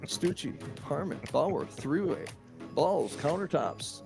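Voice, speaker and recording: A man's voice: a little high, very animated, slow pace, vocal fry, music in the background. A man hosting a podcast, wrapping up the show in a playful, rambling way with some swearing. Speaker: podcast host. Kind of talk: casual chat.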